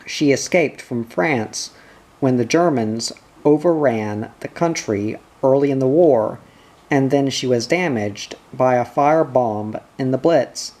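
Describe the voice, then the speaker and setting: A man reading the part of an older sailing instructor explaining ships, unhurried. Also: mid-range voice, darkish tone, close to an everyday voice.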